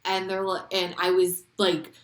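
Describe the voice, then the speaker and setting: A woman co-hosting a podcast, chatting casually, excitable and swearing freely. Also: fairly low pitch, a little slow. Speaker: podcast co-host. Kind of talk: casual chat. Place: Las Vegas.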